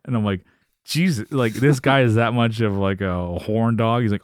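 A man's voice: on the low side, normal speed, dry recording, studio quality. A man co-hosting a casual podcast, animatedly recapping a sitcom episode and acting out the characters' lines. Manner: animated retelling with quoted voices and laughs. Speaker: podcast co-host.

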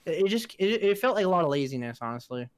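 A man's voice: high-pitched, sing-song, fast talker, dry recording. A man co-hosting a podcast, chatting casually about games in a rambling way, with plenty of fillers and restarts. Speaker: podcast co-host.

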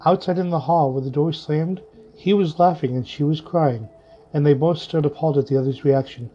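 A man reading a story aloud in a slow, vivid, measured way. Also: on the high side, warm tone, slightly rough. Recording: muffled lo-fi with faint music.

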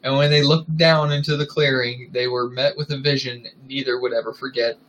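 Deadpan man reading a story aloud. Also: medium pitch, brisk, highs cut off, slight background noise. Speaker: co-host reading fan fiction aloud. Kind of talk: comedic dramatic reading.

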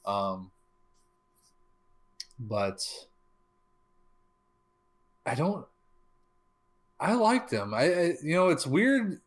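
A man co-hosting a casual film discussion podcast, talking in a halting way with many fillers and restarts. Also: on the high side, huge pitch swings. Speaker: podcast co-host.

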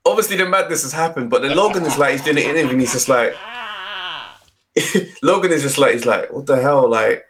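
A man's voice: fairly high pitch, brisk, crowd noise. Laughing man telling a story. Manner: animated storyteller, acts out quotes, laughs often. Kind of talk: casual chat.

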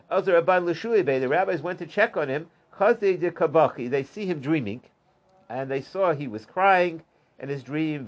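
A man teaching a Talmud class in a relaxed way, reading short lines aloud, explaining them in plain terms and chuckling at the stories. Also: a little high. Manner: retells stories line by line with loose asides and chuckles. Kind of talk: casual Talmud class storytelling.

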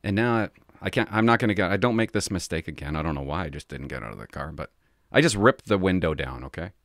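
A middle-aged man, a former police officer, telling a story from his work in a casual, animated way. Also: sits low, fast, no room sound, clean studio sound. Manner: animated, acts out the people he quotes.

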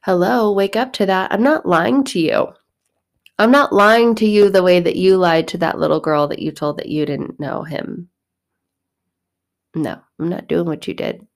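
A woman's voice: lowish voice, moderate pace, lightly acted. A woman voicing an insistent woman who bluntly tells a man a message, in a devotional retelling. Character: insistent, loving adult woman messenger.

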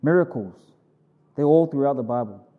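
A pastor preaching a sermon in an informal, animated way, telling stories vividly and breaking off for quick self-corrections. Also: male voice, narrow, tinny audio. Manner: animated, vivid storytelling with sudden high exclamations.

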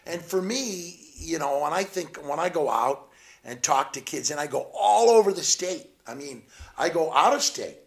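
A man from Southeast Missouri telling stories in a lively, laughing way as a guest on a chat show. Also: a little high, normal speed, gravelly. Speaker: motivational speaker and guest. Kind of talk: animated storytelling chat.

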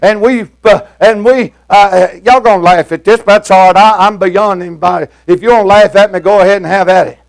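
With a gravelly, very high voice, an older preacher thunders through a fiery sermon, his intonation fairly even and his pace a little fast with few pauses. He keeps a rolling, folksy, plain-spoken cadence, dropping "uh" between phrases.

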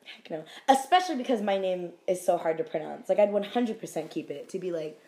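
A young woman in casual chat, an animated, giggly storyteller. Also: fairly low pitch, brisk.

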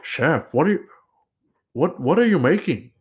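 A man's voice: fairly high pitch, lively intonation, measured pace, pitched above the performer's own voice. Man imitating a puzzled Nepali cook. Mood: curious. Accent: Nepali English, imitated. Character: quiet-spoken Nepali male cook, puzzled.

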